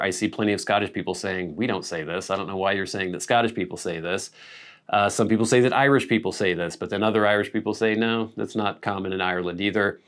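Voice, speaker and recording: Chatty man with a low voice. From Pacific Northwest, USA. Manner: chatty, musing, with small laughs and self-corrections. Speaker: channel host. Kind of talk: casual vlog chat to camera.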